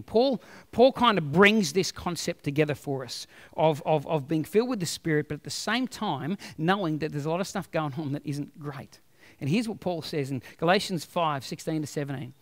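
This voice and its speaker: A male pastor preaching a sermon in a chatty, animated, storytelling way. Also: a little high, normal speed, big-room sound.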